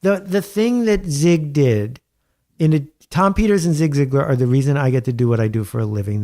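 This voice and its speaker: Wry, animated man telling stories. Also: mid-range voice. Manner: animated, wry storyteller with emphatic repetition. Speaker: guest author. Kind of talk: conversational interview. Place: home studio.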